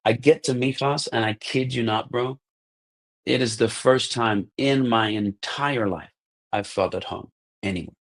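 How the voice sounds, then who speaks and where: An American man in his thirties, a podcast guest telling casual stories, animated, acting out the lines of people in them and often saying "like" and "bro". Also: medium pitch, measured pace. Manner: animated, acts out quoted dialogue, says "like" and "bro" often. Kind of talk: casual storytelling.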